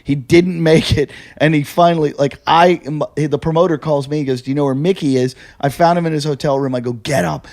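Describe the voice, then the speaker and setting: A man's voice: a little high, brisk, hardly any pauses. A man hosting a comedy podcast, telling stories in casual chat and acting out the people in them. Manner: animated, acts out voices in stories.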